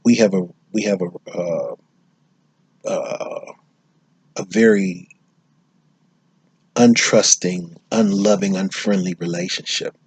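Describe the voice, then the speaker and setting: Very husky low-voiced American man. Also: takes it slowly, pauses often, no room sound. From United States. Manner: emphatic, repeats and restarts phrases. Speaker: speaker on social issues. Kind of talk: unscripted spoken commentary.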